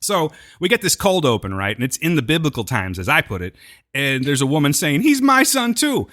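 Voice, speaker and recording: A man's voice: medium pitch, fairly quick. A man co-hosting a podcast, recapping a TV episode in casual chat and acting out the characters' lines. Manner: animated, jokey, acts out quotes. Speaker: podcast co-host.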